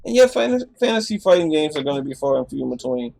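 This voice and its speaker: This live reaction streamer sounds a little high, sing-song, fast and creaky, with a darkish tone. He's sleepy and yawning, chatting casually and restarting his sentences a lot.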